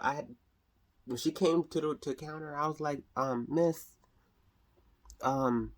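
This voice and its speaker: A woman vlogging casually to camera, chatty and expressive, often calling viewers honey. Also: very deep voice, husky.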